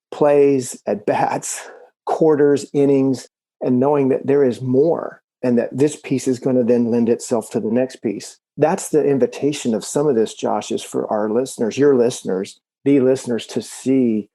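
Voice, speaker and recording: A male podcast host with a gravelly, husky voice. He reflects out loud and coaches his listeners in an even, measured manner. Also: medium pitch. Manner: reflective, coaching tone, sports metaphors.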